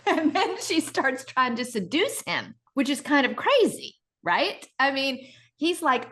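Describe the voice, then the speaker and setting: A middle-aged woman co-hosts a relaxed podcast in a fairly high voice. Her pitch swings widely as she retells scenes with lively energy. She breaks into acted-out voices for the people in the story. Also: takes it slowly. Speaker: podcast co-host. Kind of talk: casual podcast chat.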